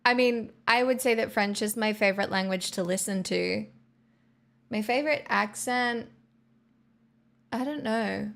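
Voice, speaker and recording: A woman's voice: mid-range voice, a little slow, creaky, pauses often, fairly bright tone. An Australian woman streaming live, chatting casually with her viewers in a rambling way full of "like" fillers. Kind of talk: casual chat.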